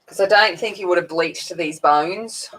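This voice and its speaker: A woman's voice: lowish voice, measured pace, fairly bright tone, rough recording. A woman with a broad Australian accent, chatting casually and rambling while she colours on a livestream. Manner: chatty, rambling, self-mocking.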